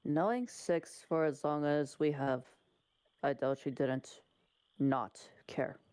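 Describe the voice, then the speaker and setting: A woman voicing a caring young man who speaks softly and hesitantly. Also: sits low, slow pace, clean tone, no echo. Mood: concerned. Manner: soft, hesitant. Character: gentle caring young man, worried companion.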